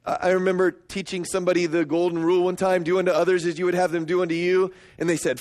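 High-voiced preaching man. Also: fast, few pauses. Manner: storytelling, emphatic, rising to high excited pitch. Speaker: pastor. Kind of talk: sermon.

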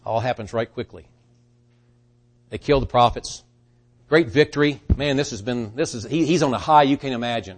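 Preacher swinging from hush to loud. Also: male voice, a little high. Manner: dramatic swings from hushed to loud. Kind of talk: sermon.

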